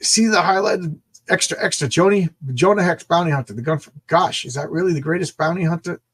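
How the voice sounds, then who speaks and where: Man, comic show co-host, excitable, stammering restarts, husky, slightly high voice. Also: brisk. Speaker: comic book podcast co-host. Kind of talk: casual comic review chat.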